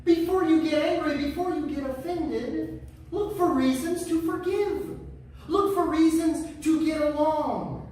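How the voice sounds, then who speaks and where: Slow-preaching pastor in an echoey church. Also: male voice, extremely high pitch, a little mellow, far from the mic, slight background noise. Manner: emphatic, repeats key phrases. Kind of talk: sermon. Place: church sanctuary.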